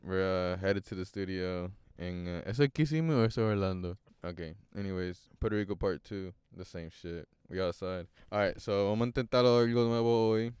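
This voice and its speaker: A man's voice: deep voice, brisk, hardly any pauses, darkish tone, clean tone, dry recording. A young man hosting a podcast, talking casually and profanely while driving, switching between English and Spanish. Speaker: podcast host. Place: inside a car on the highway.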